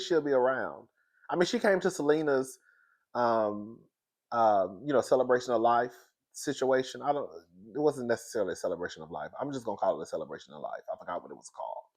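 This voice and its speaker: A man with a stuffy nose from crying, recapping a reality show in casual chat and calling his listeners "girl.". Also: mid-range voice. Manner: chatty, talks to listeners as "girl".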